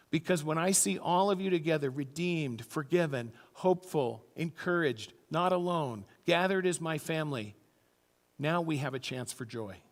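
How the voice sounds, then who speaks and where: High-voiced pastor preaching in a reverberant church. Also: male voice, expressive, moderate pace. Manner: storytelling, acts out quoted voices with sudden loud high bursts. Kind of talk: sermon. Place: church sanctuary. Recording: church hall with long reverb.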